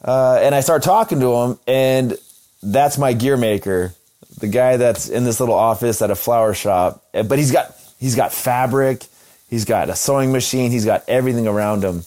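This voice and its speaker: A young man casually telling a story, animated and acting out quotes in a raised voice. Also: medium pitch, moderate pace.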